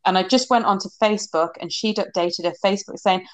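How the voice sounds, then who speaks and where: A middle-aged woman from England, a horsemanship coach, telling her stories in an animated, rambling way as a guest in an interview, laughing often. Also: medium pitch, fast, dry recording. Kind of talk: casual interview storytelling.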